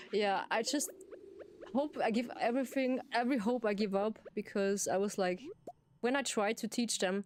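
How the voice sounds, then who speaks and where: During a casual livestream of a game, an Austrian-accented woman, a native German speaker, giggles and frequently repeats herself while talking to viewers. Her fairly high voice moves at normal speed, with slight hiss or hum audible.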